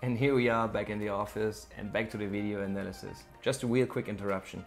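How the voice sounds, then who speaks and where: A man's voice: lowish voice, fairly even intonation, quick pace, gravelly, faint music behind. A man teaching surfskate bowl technique in a tutorial, explaining moves step by step and speaking directly to the viewer. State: out of breath. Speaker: surfskate coach. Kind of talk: instructional video tutorial. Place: outdoor skate bowl, then home office.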